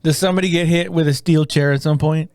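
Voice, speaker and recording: A man's voice: fairly high pitch, steady tone, fast talker, darkish tone, dry recording, clean studio sound. A man on a casual comedy podcast, throwing in blunt, teasing questions.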